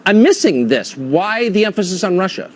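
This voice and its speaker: A man's voice: high voice, sing-song, normal speed. A man hosting a cable news interview segment, asking pointed, skeptical questions. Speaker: host.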